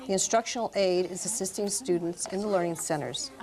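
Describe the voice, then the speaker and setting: A woman with a fairly low voice narrates footage from a school in a measured, explanatory way. Lively classroom chatter runs clearly underneath her. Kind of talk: voice-over narration.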